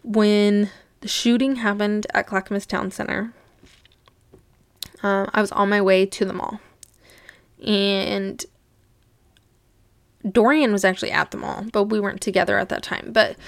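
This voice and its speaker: A woman's voice: medium pitch, no room sound. A young woman hosting a podcast, telling a personal story in a candid, rambling way. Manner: candid, rambling, uses "like" a lot. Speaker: podcast host.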